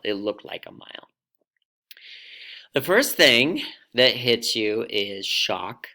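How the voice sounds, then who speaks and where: A man telling a personal story in a reflective way, letting dramatic pauses hang between short phrases. His voice sits fairly low yet sounds bright and forceful. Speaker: storyteller speaker.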